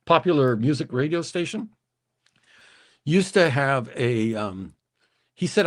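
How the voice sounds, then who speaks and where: Lively, rambling older male storyteller. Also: medium pitch, takes it slowly, long pauses. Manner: rambling, hesitant, self-interrupting. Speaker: livestream host. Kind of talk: casual storytelling livestream.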